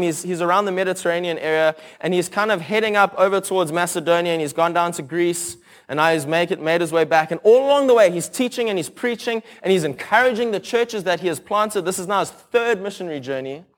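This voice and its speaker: Man, pastor, somewhat high voice, conversational sermon, funny storyteller, lots of restarts. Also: fast talker, hardly any pauses. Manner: casual, conversational, many restarts and asides; animated storytelling with humor.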